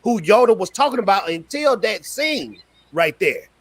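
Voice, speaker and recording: A man's voice: sits high, very animated, moderate pace, a bit bright, no room sound. A man chatting eagerly as a co-host about a film he loves. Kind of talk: casual fan chat.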